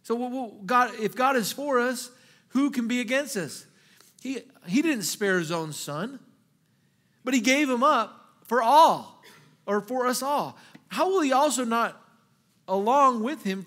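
A pastor preaches fervently in a high-pitched voice, animated but a little slow. His sermon veers between loud rhetorical questions and quiet asides, full of repeated phrases and sentence restarts.

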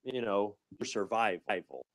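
A man's voice: lowish voice, expressive, measured pace, a bit bright, dry recording, rough recording. A male pastor giving a casual, conversational sermon, with many restarts and a habit of asking "right?".

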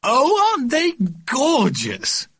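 A man voicing a gushing middle-aged aunt who shrieks with delight in a high, swooping voice. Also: wildly swooping pitch, takes it slowly, bright, forceful tone, dry recording, exaggerated voice. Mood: cooing.

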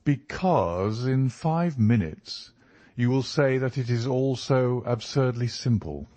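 A man's voice: mid-range voice, expressive, slow pace, dark tone, dry recording. A man voicing a brilliant male detective who lectures in a precise, superior way. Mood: lecturing.

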